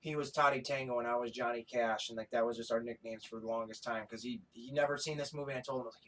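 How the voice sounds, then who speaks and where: A man co-hosting a podcast in casual chat, excitable and profane, often breaking into laughter. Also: medium pitch, fast, few pauses, a little hiss or hum. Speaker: podcast co-host.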